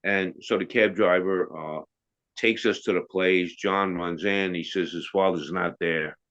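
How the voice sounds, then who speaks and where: A man's voice: deep voice, fairly even intonation, a little slow, fairly bright tone. A middle-aged man telling a story as an interview guest, casual and rambling, with restarts and asides. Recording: dull lo-fi sound.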